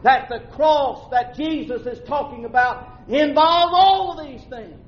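Male pastor, preaching, dull lo-fi sound, big echo. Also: a little slow. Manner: preacherly, swings from shouting to low asides. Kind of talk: sermon. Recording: roomy, dull lo-fi church recording.

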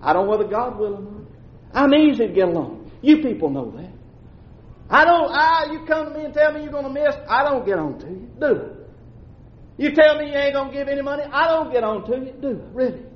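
A male pastor, preaching a sermon that swings from shouting to low asides. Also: expressive, brisk. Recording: roomy, dull lo-fi church recording.

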